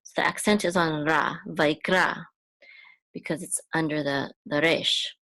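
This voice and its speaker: A woman teaching biblical Hebrew reading step by step, explaining in short pieces and singing out each word higher and louder. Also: fairly even intonation, moderate pace, no echo. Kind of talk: slow step-by-step lesson with chanted words.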